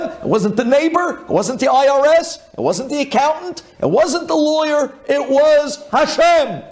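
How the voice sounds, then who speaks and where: A man, a rabbi, giving a sermon dramatically, swinging from loud pleading to hushed intensity. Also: sits high.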